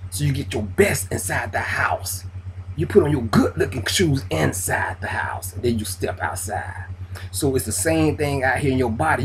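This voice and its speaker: A man's voice: medium pitch, low-quality recording. Casual preachy man, faint car hum. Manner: loose, preachy, profane street talk. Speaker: vlogger. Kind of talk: casual spiritual advice talk.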